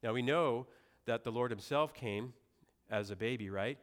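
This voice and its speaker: A man's voice: medium pitch, moderate pace. A young adult man preaching a sermon in a conversational way, with asides and rhetorical questions. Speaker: pastor.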